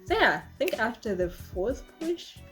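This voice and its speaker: A woman in her twenties telling a personal story to camera in a casual, chatty way, full of fillers and lively re-enactments. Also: on the high side, measured pace, soft background music. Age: 20s. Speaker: vlogger.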